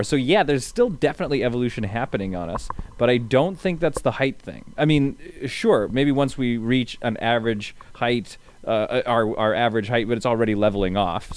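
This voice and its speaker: A man's voice: medium pitch, no room sound. A young man with an ordinary mid-range voice talks easily on a podcast, explaining and cracking dry jokes as he goes. The recording is close and dead, with no room sound. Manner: joking, wry, quick asides. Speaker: podcast co-host. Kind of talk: casual conversational podcast.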